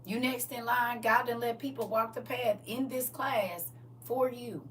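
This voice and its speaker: A woman's voice: fairly high pitch, steady tone, a little slow, a bit bright. A woman preaching a livestreamed sermon, fervent and exhorting in a colloquial style. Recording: distant mic with faint noise.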